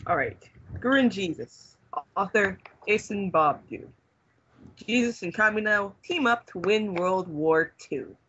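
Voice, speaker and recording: A young man reads fanfiction aloud in a deadpan voice, bright and a touch husky. He sits close to a dry, dull lo-fi microphone. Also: high-pitched, a little slow. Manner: deadpan reading, fighting back laughter. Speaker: reader among friends.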